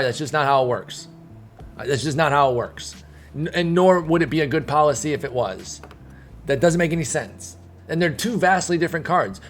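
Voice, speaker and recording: A man's voice: fairly high pitch, fairly bright tone. A young man streaming, ranting casually to his chat, heated and rambling with many restarts. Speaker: gaming streamer. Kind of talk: casual commentary to live chat.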